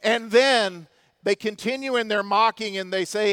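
A male preacher with a very high voice delivers an impassioned sermon, dropping to a hush and then rising to loud emphasis. The sound is dry and close, with no room echo. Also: moderate pace. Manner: impassioned preaching with dramatic swings between loud and hushed. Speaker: pastor.

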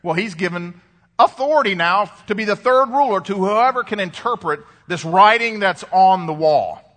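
Male preacher, high and bright, expressive delivery with dramatic pauses, long hall reverb. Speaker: pastor. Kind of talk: sermon.

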